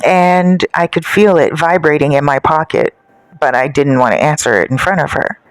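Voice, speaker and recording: A woman narrating a dark first-person story in a casual, gossipy, self-satisfied way. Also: sits low, normal speed, clean tone, no echo, rough recording.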